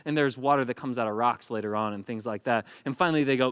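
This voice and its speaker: A man's voice: medium pitch, lively intonation, brisk, hardly any pauses, a bit bright, clean tone, no room sound, studio quality. A man preaching a sermon in a casual, humorous storytelling manner, acting out the people he quotes. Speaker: pastor.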